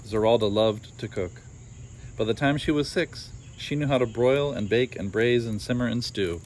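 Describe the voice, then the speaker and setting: A man's voice: mid-range voice, normal speed, slight background noise. A man reading a children's story aloud, adding wry asides of his own.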